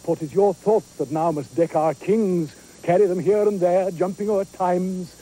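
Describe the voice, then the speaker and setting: A grand stage chorus. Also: male voice, high voice, steady tone, unhurried, dark tone, slightly rough, low-quality recording. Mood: grand imploring. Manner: grand, declamatory. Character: stately male stage chorus, grand and imploring. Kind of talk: declaimed Shakespeare verse.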